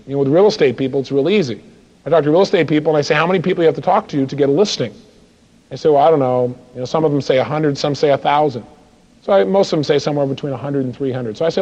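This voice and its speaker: A man's voice: on the high side, a little mellow. A man giving a live motivational seminar who acts out little dialogues and fires rhetorical questions at the audience. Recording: dull lo-fi recording.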